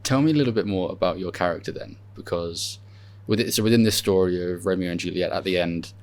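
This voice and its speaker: A man's voice: deep voice, fast talker. A man interviewing an actor backstage at a theatre, asking friendly, curious questions.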